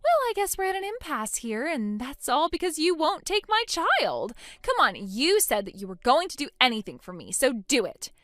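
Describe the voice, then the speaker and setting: A woman's voice: high voice, huge pitch swings, moderate pace, few pauses, a bit bright, dry recording, studio quality, full character voice. A woman voicing a selfish young mother who dismisses her own baby, in scripted dialogue. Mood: scornful. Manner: scornful, dismissive, sneering. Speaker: voice actor in a text-story drama.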